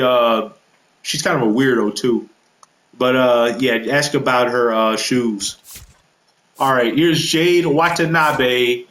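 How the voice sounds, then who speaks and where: A man's voice: mid-range voice, fairly bright tone, echoey room, rough recording. A man rambling casually through a walkthrough of his created game roster, with lots of fillers and self-corrections. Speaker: gaming video creator.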